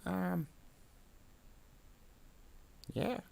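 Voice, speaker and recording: A man's voice: sits high, drawn-out words, vocal fry, darkish tone, pitched above the performer's own voice, full character voice. A man voicing a timid little male grot servant, who answers nervously and stammers. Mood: meek. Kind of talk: improvised comedy skit while painting.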